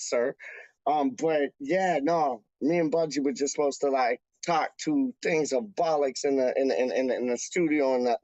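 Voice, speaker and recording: A man's voice: medium pitch, dry recording. A man chatting casually to viewers of his fan channel, rambling and slangy and repeating himself. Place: lives in Canada, time zone away from England. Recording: dull lo-fi dry sound.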